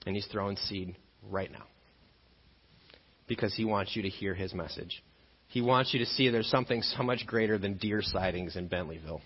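A man preaching a sermon as pastor, an animated storyteller who acts out scenes and jokes along the way. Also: fairly low pitch, normal speed, slightly rough, long reverb tail. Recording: dull lo-fi sermon recording.

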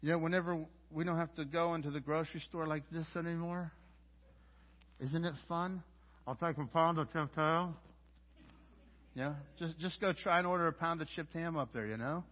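Man, pastor, high voice, conversational sermon, stumbles over words and restarts, muffled lo-fi sound. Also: steady tone, fairly quick. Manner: conversational preaching with frequent stammered restarts. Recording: dull lo-fi audio.

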